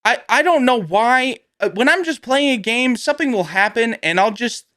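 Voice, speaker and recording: A young man hosts a podcast, bantering goofily and slipping into silly voices. His voice sits high and bright. It is recorded close and dry, with no room sound. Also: lively intonation, normal speed, dry recording. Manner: goofy, putting on silly old-man voices, laughs a lot. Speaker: podcast host. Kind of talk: casual comedic chat.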